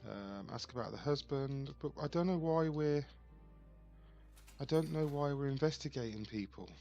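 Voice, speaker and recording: A man's voice: medium pitch, normal speed, darkish tone, highs cut off, faint music behind. A man giving casual let's play commentary, thinking aloud and reading on-screen text with puzzled asides.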